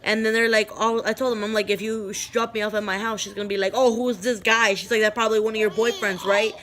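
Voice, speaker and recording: A woman's voice: medium pitch, flat delivery, fast talker, fairly bright tone. A young woman vlogger telling a personal story in a rambling, chatty way, acting out what people said. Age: young adult. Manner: rambling, chatty, full of "like" and acted-out quotes. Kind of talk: casual storytelling.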